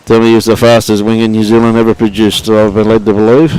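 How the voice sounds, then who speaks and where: A man's voice: fairly low pitch, monotone, fast talker, darkish tone, clear, resonant tone, rough recording. An older Australian man commentating live lawn bowls in a chatty, matey way, greeting online viewers by name and chuckling often. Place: outdoor bowls club green.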